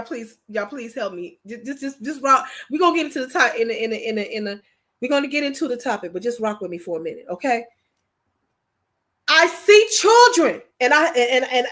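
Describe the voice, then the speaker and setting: A woman's voice: fairly high pitch, a bit bright. A woman from Michigan, hosting a casual livestream, talking emphatically to viewers and repeating herself. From Michigan, USA. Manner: emotional, preachy. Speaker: livestream host.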